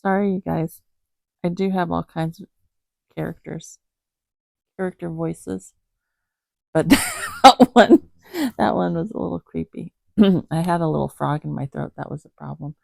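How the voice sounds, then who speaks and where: Giggly woman with a gravelly, low voice. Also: steady tone, moderate pace, dark tone, dry recording. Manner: giggly, chatty, self-deprecating. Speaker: host. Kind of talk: casual Bible reading to pets.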